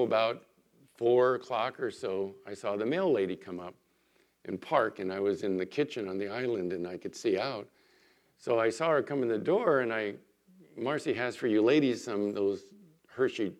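A man, a pastor, giving a sermon in church, telling everyday stories in a conversational way with lively emphasis. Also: on the low side. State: recovering from illness.

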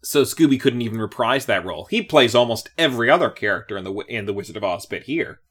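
A woman co-hosting a casual podcast chat about a cartoon episode, playful and quick to laugh. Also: extremely low pitch, lively intonation, husky. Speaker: podcast co-host.

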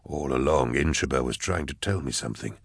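A man voicing a weary, grave male inquisitor who speaks low and measured. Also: vocal fry, breathy edge, no echo, clean studio sound, exaggerated voice.

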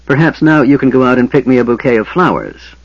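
Man doing snarling dragon warlord, caustic, lively delivery, husky voice, dull lo-fi sound. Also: on the low side, fairly quick, dry recording, exaggerated voice. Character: menacing dragon highlord, male, irritable and cruel. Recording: dull lo-fi audio.

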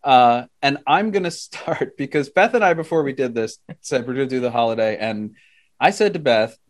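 A man co-hosting a podcast, telling stories in an animated way and laughing often. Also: mid-range voice, normal speed. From United States. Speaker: podcast co-host. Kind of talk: casual chat.

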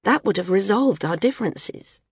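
A woman voicing an apologetic female judge who explains the dispute in a measured, placating way. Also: mid-range voice, animated, slightly rough, dry recording, studio quality, pitched above the performer's own voice. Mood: explaining.

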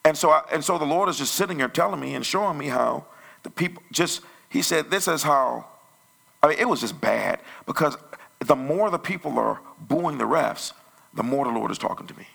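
A male pastor telling a story in a conversational sermon that grows loud and animated. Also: a little high, a little fast, gravelly. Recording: church sermon audio.

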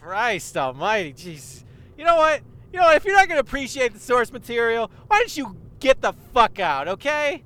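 A man's voice: a little high, sing-song, a little fast, fairly bright tone. Irate superfan kid, scolding hard, as a man puts him on. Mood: indignant. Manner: indignant scolding outbursts. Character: angry young male superfan kid, scolding.

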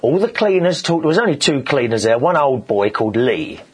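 A man hosting a show, telling gossipy stories in a casual, animated monologue. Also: medium pitch, brisk, husky. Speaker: show host.

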